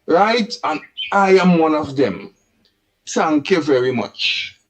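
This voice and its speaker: A man's voice: on the high side, big pitch swings, takes it slowly, rough recording. A man calling in to a radio talk show, speaking earnestly and repeating himself. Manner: earnest, repetitive. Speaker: radio caller.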